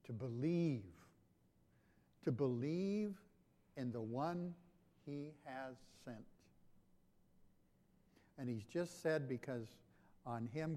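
A man's voice: medium pitch, dark tone. A pastor giving a conversational sermon, asking his congregation questions. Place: church sanctuary. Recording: long hall reverb.

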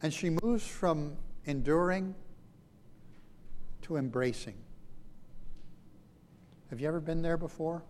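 A man's voice: on the high side, a little mellow, a little hiss or hum. Dramatic preaching man in a reverberant hall. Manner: dramatic, rising and falling emphasis with slowed phrases. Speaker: pastor. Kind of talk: sermon.

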